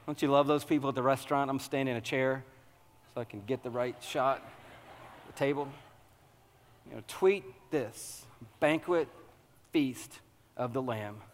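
A man preaching a sermon, animated and humorous, working up to loud, excited preaching. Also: medium pitch, unhurried, long pauses, in a large hall. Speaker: pastor.

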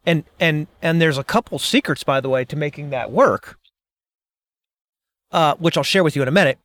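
Chatty, animated male speaker. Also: a little high, moderate pace, dry recording. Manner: animated, chatty, acts out quoted reactions. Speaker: speaker and author. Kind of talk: casual monologue.

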